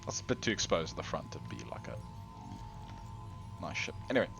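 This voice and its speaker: Low-pitched, animated male gaming host; rambling, self-deprecating commentary straight to the viewer. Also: fairly quick, music in the background. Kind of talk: casual gameplay commentary.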